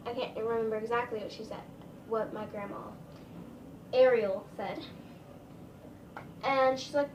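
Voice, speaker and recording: A woman's voice: on the high side, steady tone, unhurried, long pauses, a little mellow, roomy sound, recorded from a distance, muffled recording, slight background noise. A woman vlogger telling a casual storytime, rambling, with lots of "like" and "um". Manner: chatty, rambling, full of "like" and "um".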